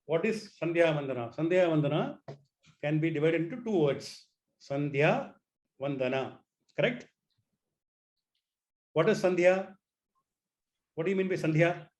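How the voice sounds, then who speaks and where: A man teaches an online class, his voice sitting a little high. He restarts phrases often and coaxes his students to repeat the sounds after him. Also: animated, a little slow, long pauses, darkish tone. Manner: repeats words, asks students to try sounds.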